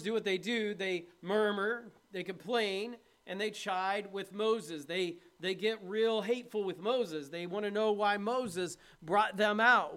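High-voiced man preaching a sermon. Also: fairly bright tone. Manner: earnest, plain-spoken preaching with questions to the congregation. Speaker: pastor. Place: church.

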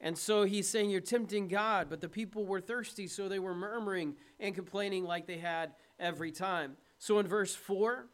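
Male pastor with a high voice, preaching an earnest, plain-spoken sermon and asking his congregation questions. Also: normal speed, few pauses, a bit bright. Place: church.

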